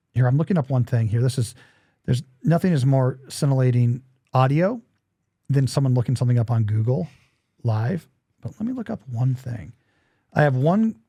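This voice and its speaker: A man's voice: medium pitch, mellow, no room sound, studio quality. A man hosting a podcast in casual chat, joking and rambling, while losing his voice. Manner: joking, self-deprecating, rambling asides. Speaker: podcast host.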